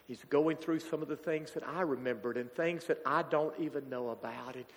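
A man, preaching a sermon as a pastor, halting and emotional as a grieving father. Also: a little high, a bit bright. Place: church sanctuary. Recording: church hall reverb.

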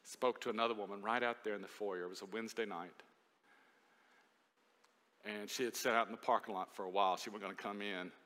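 Bright-voiced male pastor preaching in a hall. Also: on the low side, brisk, long pauses. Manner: animated storytelling, swinging between loud and hushed. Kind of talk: sermon. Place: church sanctuary. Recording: long reverb of a large hall.

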